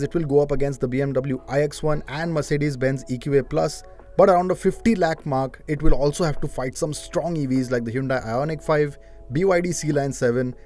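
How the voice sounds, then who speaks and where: A young man presenting a car review in a measured, matter-of-fact way. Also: a little high, a little mellow.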